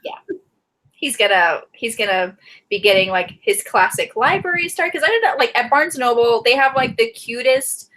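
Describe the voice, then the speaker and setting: A woman's voice: on the high side, lively intonation, normal speed, fairly bright tone, low-quality recording. A woman co-hosting a book club live stream, talking in a gushing, emotional way and laughing often. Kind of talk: casual live stream chat.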